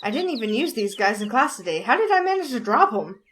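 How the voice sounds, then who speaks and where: A woman's voice: a little high, big pitch swings, fast talker, fairly bright tone, slight background noise. A woman voicing a cheerful young heroine who playfully teases, read from a visual novel. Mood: friendly. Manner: bubbly, playful teasing. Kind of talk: reading a visual novel aloud.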